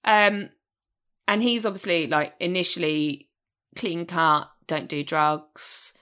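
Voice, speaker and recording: A woman's voice: on the low side, slow pace, a bit bright, clear, resonant tone. A woman gushing emphatically about performances in a casual film review chat. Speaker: podcast co-host.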